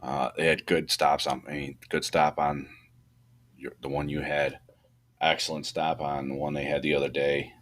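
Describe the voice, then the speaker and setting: A man with a very low voice talks firefighting tactics in a loose, rambling way. He restarts his sentences often. His pitch climbs when he gets worked up. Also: level tone, moderate pace, fairly bright tone. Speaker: podcast co-host, fire truck company boss. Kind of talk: casual shop talk about firefighting.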